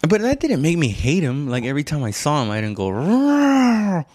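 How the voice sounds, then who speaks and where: A man, an immigrant to the United States, telling a rambling, profane, self-mocking comedy story and acting out quotes in a high voice. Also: big pitch swings, fast talker, a little mellow, no echo. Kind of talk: casual storytelling stand-up.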